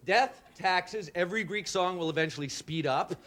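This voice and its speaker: A young man doing a rambling, self-deprecating stand-up set, bursting into loud shouted impressions. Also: high voice, lively intonation, normal speed. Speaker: stand-up comedian. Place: comedy stage before a live audience. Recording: live club with audience laughter and noise.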